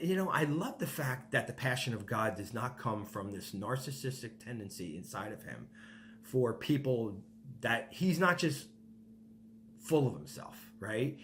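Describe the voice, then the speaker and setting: A man's voice: mid-range voice, expressive, measured pace. Emphatic male pastor with faint hum. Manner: emphatic, rhetorical "right?" tags, repeats words. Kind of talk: podcast sermon.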